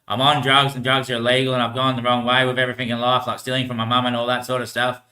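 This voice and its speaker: A man rambles in loose, slangy talk, swearing freely and breaking into laughs. His voice is bright and sharp at a middle pitch. The room around him echoes. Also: completely flat delivery, quick pace. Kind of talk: rambling casual monologue.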